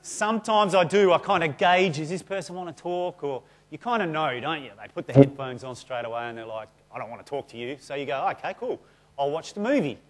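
Aussie pastor guy, bit high voice, chatty self-deprecating sermon style. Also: a little fast. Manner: conversational, self-deprecating, lively storytelling. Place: church.

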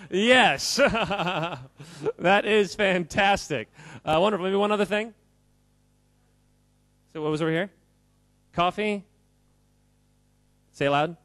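A man's voice: a little high, no echo. Upbeat man quizzing an audience. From United States. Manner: animated and jokey, quizzing the crowd, often laughing. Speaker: speaker addressing a live audience. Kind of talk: lively audience-interactive talk.

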